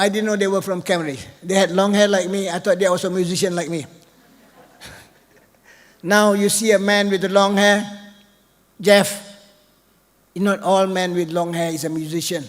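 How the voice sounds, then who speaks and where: An older man, giving an off-the-cuff keynote speech in a chatty way that keeps checking in with the audience. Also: sits high. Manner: chatty, asks the audience "right?" often. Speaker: keynote speaker. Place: large hall. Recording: long hall reverb.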